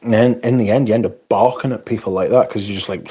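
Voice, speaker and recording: A man's voice: lowish voice, fairly even intonation, quick pace, dark tone, slightly rough. A middle-aged man, hosting a livestream in a loose, rambling, swear-heavy chat and reading out viewer comments. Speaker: livestream host.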